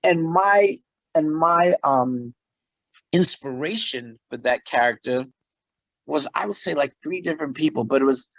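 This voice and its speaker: Middle-aged man, guest storyteller, animated and laughing, slightly high voice, dry close sound. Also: unhurried, no room sound, lo-fi sound. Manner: animated, laughs often, acts out quotes. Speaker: interview guest, musician and actor. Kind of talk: casual storytelling interview.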